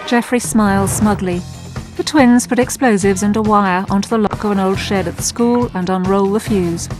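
A woman's voice: medium pitch, moderate pace. A woman giving matter-of-fact audio description of a film in scripted narration. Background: film music.

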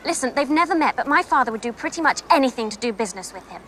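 A woman's voice: high voice, expressive, racing, fairly bright tone, slight background noise. An actress playing a persuasive, teasing young schoolgirl ringleader. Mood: persuading. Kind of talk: film acting.

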